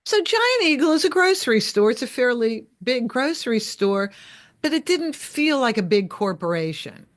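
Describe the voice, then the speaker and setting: A woman hosting a casual chat, asking probing questions and reflecting out loud, with an expressive delivery. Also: on the high side, moderate pace. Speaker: host.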